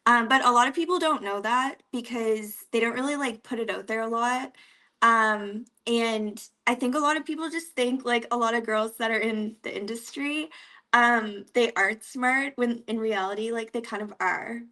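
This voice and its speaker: A woman's voice: on the high side, moderate pace, sharp tone. A young woman from Canada with an East Coast accent, chatting casually as an interview guest, giggling often and using many "like" fillers.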